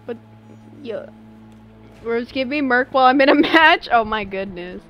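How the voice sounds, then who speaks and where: A woman's voice: fairly high pitch, measured pace, dull audio. A young woman streaming a game, chatting casually and jokingly with her viewers. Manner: animated, joking, talks to chat. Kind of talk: casual gaming livestream chat. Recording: faint game music behind.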